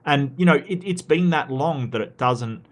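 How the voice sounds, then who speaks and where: A man's voice: fairly high pitch, normal speed. Australian male streamer, casual and rambling, reads chat aloud, full of restarts and fillers.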